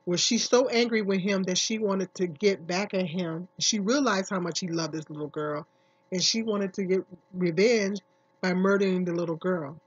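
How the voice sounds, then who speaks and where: A woman's voice: on the low side, normal speed, husky. A woman vlogger giving casual, emphatic commentary, repeating herself and asking many questions. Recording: dull lo-fi recording.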